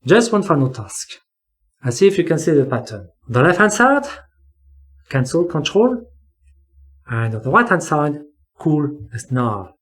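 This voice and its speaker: This is an English teacher walking through spelling rules in a lesson. The delivery is slow and deliberate, with key words repeated for emphasis. The voice swings up and down in pitch as it explains. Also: very animated.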